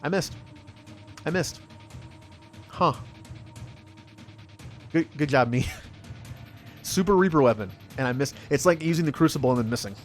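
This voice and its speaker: Male streamer, mid-pitched, casual, excitable play-by-play over faint game music. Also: moderate pace, pauses often. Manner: chatty and excitable, yelps and laughs at the game. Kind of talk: casual gameplay commentary.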